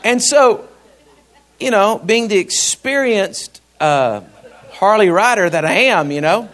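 Animated pastor, high lively voice. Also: male voice, slow pace. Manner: animated, laughing storyteller, shouting at peaks. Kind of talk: sermon with personal storytelling.

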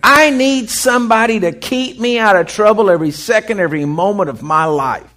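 Speaking in a high voice at a moderate pace, this man preaches off the cuff. His storytelling is lively, and he performs the characters' voices himself.

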